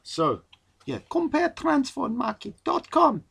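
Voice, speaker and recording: A man putting on a high, slow, hammy French-accented footballer voice as a joke. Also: very animated, gravelly, a bit bright, exaggerated voice. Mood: jokey.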